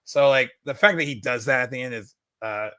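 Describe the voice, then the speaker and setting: A podcast co-host chats casually about a film in a medium-pitched, clear, resonant voice that's pushed and bright, talking a little fast. He rambles with lots of fillers and restarts. There's no room sound on the recording.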